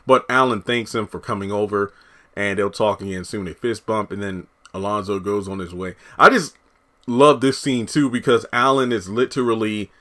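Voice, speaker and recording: A man with a slightly low voice talks through a TV episode in a loose, chatty way. He gets animated, laughs easily and slips into the characters' lines as he recaps them. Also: moderate pace. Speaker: TV episode reviewer. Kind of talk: casual spoken commentary.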